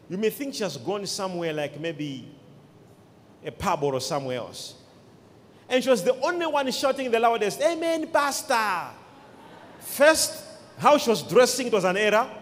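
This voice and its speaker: A man preaching a sermon as pastor, with emphatic call-and-response to the congregation. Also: sits high. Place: church. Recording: long hall reverb.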